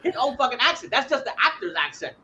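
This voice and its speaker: Bright-voiced Puerto Rican man ranting. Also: very high voice, very animated, quick pace, a little hiss or hum. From Puerto Rico. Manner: heated, nitpicking, swears a lot. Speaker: podcast co-host. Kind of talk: casual podcast banter.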